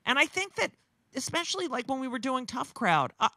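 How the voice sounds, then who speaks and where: Blunt, animated comedian woman in her sixties. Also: sits high, brisk, no echo, clean studio sound. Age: 60s. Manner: animated, blunt and profane, with many restarts. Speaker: comedian guest. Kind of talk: casual chat.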